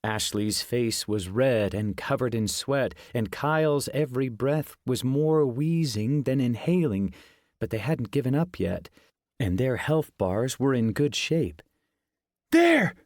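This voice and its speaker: A man narrating a fantasy audiobook in the first person. His storytelling is steady and even, in a middle pitch. The recording is dry and close. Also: measured pace, no echo.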